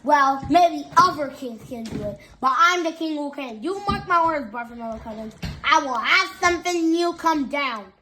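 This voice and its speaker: A woman's voice: sits high, animated, normal speed, sharp tone, slight background noise. A woman voicing a grumpy, bossy old male king who growls and bellows at a boy in a read-aloud storybook. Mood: angry demanding.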